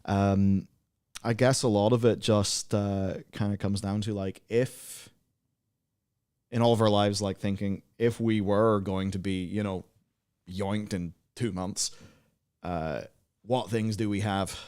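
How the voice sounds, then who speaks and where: A man's voice: on the low side, steady tone, takes it slowly, a little mellow, clean tone. A man, co-hosting a livestream in casual, rambling, sardonic chat full of fillers. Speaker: livestream co-host.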